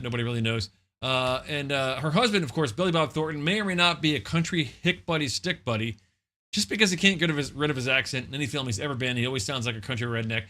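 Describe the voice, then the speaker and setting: A man co-hosting a comedy fake-news segment, slightly tipsy, delivering deadpan satirical anchor patter. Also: medium pitch. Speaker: co-host of a comedy news parody. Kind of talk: mock newscaster delivery.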